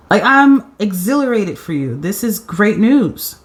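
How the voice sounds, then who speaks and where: A woman doing a pick-a-card tarot reading, excitable and slangy, often laughing and acting out quotes. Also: medium pitch, measured pace, few pauses. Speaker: tarot reader.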